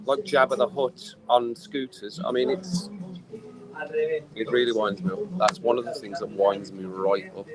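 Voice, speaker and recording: Broadcasting casually from an outdoor poolside bar, a man who's had a few drinks launches into an animated, exasperated rant. His voice is lowish and a little slow. The low-quality recording picks up crowd noise and clearly audible music.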